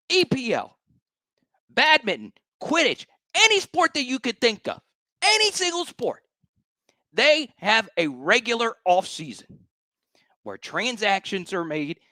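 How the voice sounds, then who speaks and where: A man's voice: extremely high pitch, pushed and bright, no echo. A man hosting a sports talk show, ranting with emphatic, exasperated repetition.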